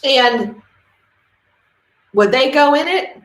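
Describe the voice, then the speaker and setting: Passionate, animated woman talking dogs. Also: sits high, drawn-out words. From New England, US. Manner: animated, passionate storytelling with acted quotes. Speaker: dog trainer. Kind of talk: casual talk to camera. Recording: roomy echo.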